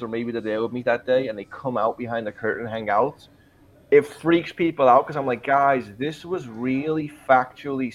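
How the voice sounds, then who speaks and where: A man in his forties, a pastor, telling his conversion story in an interview, earnest and emphatic. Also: medium pitch. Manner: earnest and emphatic, quoting his own prayers. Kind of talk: personal testimony in a podcast interview.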